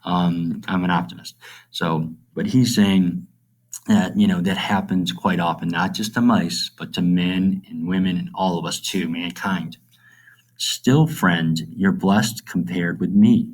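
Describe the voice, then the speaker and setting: Low-voiced man teaching a poem. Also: little pitch movement. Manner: reads verse slowly, then explains in plain casual terms with frequent "okay?". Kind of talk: recorded literature lesson, reading and explaining a poem.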